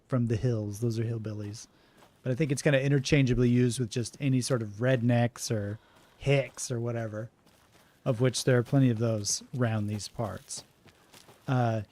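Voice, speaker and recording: A man's voice: medium pitch, no echo. A man from Oklahoma with an Oklahoma accent, casually commentating a video game, reading its text aloud and laughing often as he answers chat. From Oklahoma, USA. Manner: chatty, laughs often, reacts to live chat. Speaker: gaming streamer.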